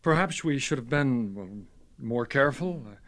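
A jittery stammering old landowner, voice going up and down. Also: male voice, mid-range voice, lively intonation, normal speed, fairly bright tone. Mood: uneasy. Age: older. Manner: hesitant, stammering. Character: anxious aging male landowner, hesitant. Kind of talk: radio drama acting.

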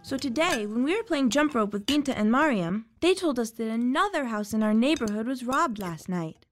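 A woman's voice: fairly high pitch, animated, normal speed, faint music behind, natural voice. A woman voicing an earnest twelve-year-old girl in a family radio drama.

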